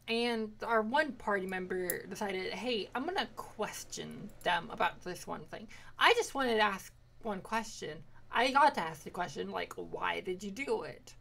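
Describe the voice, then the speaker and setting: A young woman casually recapping her tabletop game sessions, rambling and swearing freely as she acts out quick quotes. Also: mid-range voice, vocal fry, pushed and bright. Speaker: player recapping a tabletop campaign.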